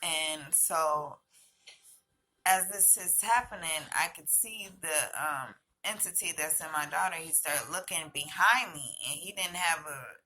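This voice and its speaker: A woman's voice: low voice, a little slow, pushed and bright. A woman telling a personal story as a vlogger, hesitant, with many fillers and restarts.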